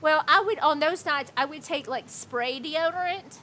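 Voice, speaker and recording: A woman's voice: high voice, normal speed, pushed and bright, slight background noise. A woman in her thirties livestreaming, telling a rambling, profane story with lots of "like" in casual chat.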